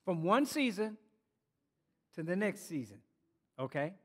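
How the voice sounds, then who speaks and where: A male pastor delivers a sermon in a strikingly high voice, calling out to his congregation as he goes. He stumbles and repeats words mid-thought, pressing each point home. His voice hangs in a long reverb that fills a large church hall. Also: big pitch swings, measured pace, a bit bright, husky. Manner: exhorting congregation, frequent restarts and repeated words.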